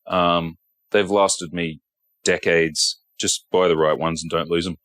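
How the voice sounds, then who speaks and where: A man's voice: low-pitched, fairly even intonation, a little slow, a bit bright, no echo. A man, a guitar technician, giving a blunt workshop tutorial and often checking in with "okay". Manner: blunt, repeats himself, says okay often.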